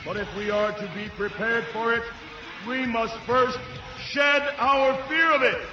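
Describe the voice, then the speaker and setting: Solemn resistance leader, rallying speech, rising to shouts, loud film score, roomy sound. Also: male voice, very high voice, steady tone, a little slow, muffled recording, over music. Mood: rousing. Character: defiant male resistance leader rallying troops.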